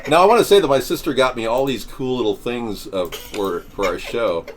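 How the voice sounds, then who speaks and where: A man hosting a live-stream comedy chat, playful and jokey and quick to laugh. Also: medium pitch, slight background noise. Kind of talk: comedic banter. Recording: music playing behind.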